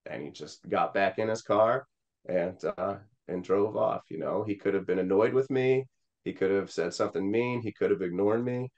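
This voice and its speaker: Low-voiced man telling a personal story. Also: moderate pace, darkish tone, muffled recording. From Missouri. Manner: rambling with many fillers, quoting voices. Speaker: Senate candidate.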